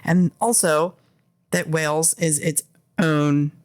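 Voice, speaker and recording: A woman's voice: low-pitched, slow pace, no room sound. An American woman and indie author hosting her show, talking in a casual, profane rant that keeps interrupting itself. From American, Philadelphia area. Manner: profane, animated, self-interrupting. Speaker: indie author and podcast host. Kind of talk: casual ranting monologue.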